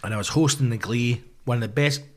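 A man's voice: mid-range voice, quick pace. A Glaswegian man, a comedian, chatting casually and telling gig stories full of swearing and acted-out voices. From Scotland. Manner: swears a lot, acts out voices in anecdotes. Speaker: comedian guest. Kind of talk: casual podcast chat.

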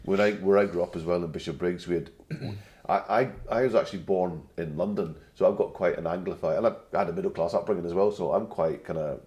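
Deep-voiced man with a soft Glasgow accent. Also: fairly quick. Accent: gentle Glasgow, slightly anglicised. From Glasgow, Scotland. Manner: chatty anecdotal storyteller. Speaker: guest. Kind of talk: casual interview chat.

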